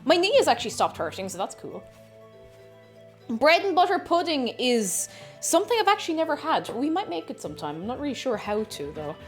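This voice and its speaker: A young Irish woman chats casually while baking on a live stream, rambling and talking to herself as she measures ingredients. Her high-pitched voice is sing-song and fairly quick, with faint music behind her.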